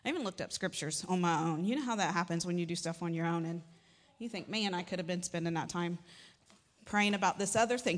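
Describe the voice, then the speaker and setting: A woman pastor preaching a sermon in a church, chatty and joking, with sudden emphatic rises. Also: fairly low pitch. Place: church sanctuary. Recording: long hall reverb.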